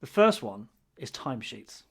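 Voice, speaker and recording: Male co-host, gravelly mid voice, dry complaining humor, chatty podcast. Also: medium pitch, very animated, moderate pace. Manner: wry, grumbling humor with frequent restarts. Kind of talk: casual chat.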